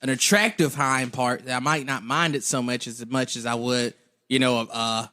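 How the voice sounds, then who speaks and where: A young man co-hosting a comedy podcast, reading out facts with frequent giggles in a casual, animated way. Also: mid-range voice, normal speed. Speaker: podcast co-host.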